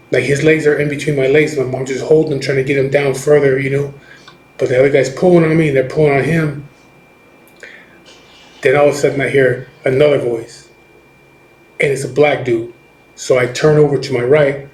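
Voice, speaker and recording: A middle-aged biker recovering from chemotherapy tells a personal story in casual, rough, profane talk, rambling and circling back with many restarts and "you know what I mean." His ordinary-pitched voice echoes around the room.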